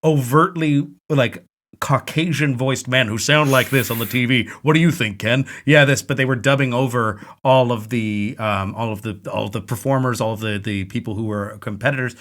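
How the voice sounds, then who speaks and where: A man's voice: medium pitch, steady tone, moderate pace, fairly bright tone. A man from Canada co-hosting a comedy podcast in a mid-range voice. He rambles through stories with easy fillers, restarting sentences and chuckling along. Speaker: podcast co-host. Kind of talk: casual comedy chat.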